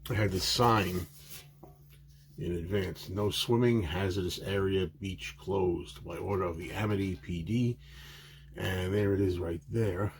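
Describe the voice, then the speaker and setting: Man, very low voice, casual rambling collector vlog, lots of "uh"s, faint hum behind. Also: fairly even intonation, gravelly. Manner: rambling, many filler pauses and restarts; chatty and enthusiastic. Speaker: autograph collector vlogger. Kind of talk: casual show-and-tell narration.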